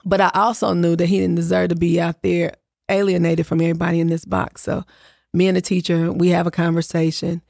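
A middle-aged woman, a guest on an interview show, tells family stories in a casual, animated way. Her voice has a gravelly edge, and she lifts her pitch sharply whenever she acts out what someone said. The recording is close and dry. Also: a little fast, no echo. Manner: animated storyteller acting out quotes in higher voices. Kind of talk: casual storytelling.

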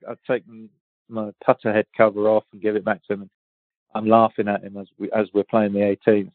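A man in his fifties from England tells golf stories in a loose, rambling way, restarting sentences and laughing as he goes. His voice sits a little low. It comes through a tinny, phone-like line with a dry sound. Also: no echo. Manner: rambling, many restarts and fillers, laughs easily. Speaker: guest golfer. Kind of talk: casual interview storytelling.

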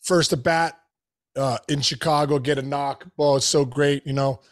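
Hyped-up guy telling a story on a podcast, kinda high voice, keeps restarting and saying bro. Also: normal speed. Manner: animated, talks in bursts with many restarts and "bro", "dude". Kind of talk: casual storytelling.

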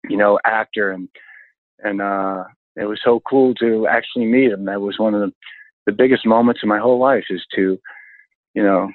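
A man in his sixties, a stunt coordinator telling lively stories in an interview, often exclaiming as he recalls events. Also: fairly low pitch, normal speed, no room sound. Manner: animated anecdotes, exclaims often. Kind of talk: storytelling interview chat. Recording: dry, tinny phone-like line.

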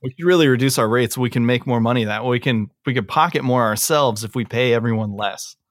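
A man co-hosting a podcast, sardonic and quick to laugh. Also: mid-range voice, no echo, clean studio sound. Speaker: co-host, employer. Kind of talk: casual podcast banter.

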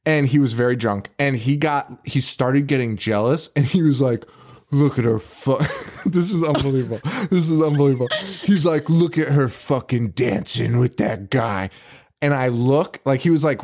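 A man co-hosting a horror movie podcast, chatting casually and telling stories with lots of laughs and restarts. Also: mid-range voice. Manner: animated storyteller, frequent laughs and restarts. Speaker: podcast co-host. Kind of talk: casual chat.

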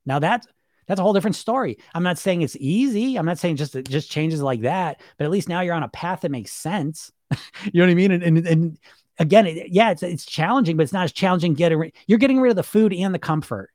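A fairly high-voiced middle-aged man talks as a weight-loss coach in a loose, emphatic monologue. He stacks fillers, throws questions at the listener and swears casually. The sound is close and dry, with no room in it. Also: lively intonation, quick pace, a little mellow, no room sound. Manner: chatty, emphatic, repeats fillers, swears casually, laughs often.

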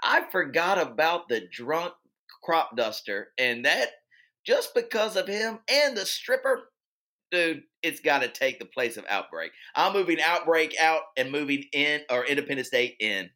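A man's voice: fairly high pitch, expressive, moderate pace, bright, forceful tone. A man co-hosting a casual movie chat, telling his stories in an enthusiastic, rambling way. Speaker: podcast co-host.

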